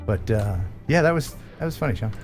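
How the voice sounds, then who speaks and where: Lively, jokey American male host. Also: medium pitch, brisk, gravelly, over music. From United States. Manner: jokey, laughs often, animated. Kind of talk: casual live-stream chat.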